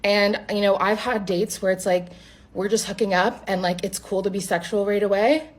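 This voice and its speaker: Woman, husky breathy voice, casual storytime, blunt, exasperated, swears a lot. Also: mid-range voice, fairly even intonation, normal speed.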